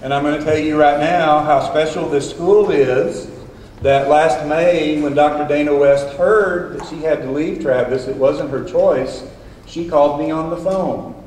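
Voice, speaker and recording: A man's voice: a little high, fairly even intonation, a little slow, a little mellow, a little hiss or hum. A school principal addressing an assembly, telling folksy stories and repeating his points for emphasis. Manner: folksy storytelling, emphatic repetition. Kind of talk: assembly speech. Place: large school assembly hall. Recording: echoey hall from far off.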